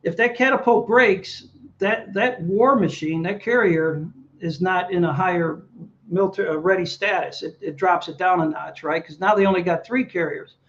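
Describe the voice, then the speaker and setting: Guest: male veteran, high-pitched storyteller, slightly muffled lo-fi audio. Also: normal speed. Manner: animated anecdotes, acts out dialogue. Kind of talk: storytelling interview.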